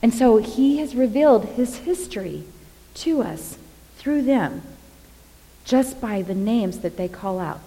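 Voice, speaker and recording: A woman's voice: fairly high pitch, slow pace. Woman preaching in a reverberant hall. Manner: expressive, dramatic retelling of scripture. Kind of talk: sermon.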